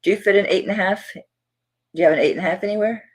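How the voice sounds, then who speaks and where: A woman's voice: mid-range voice, rapid-fire, rough recording. A middle-aged woman with a Southern accent hosting a live jewelry auction, chatting casually and affectionately with viewers. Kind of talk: casual livestream chat.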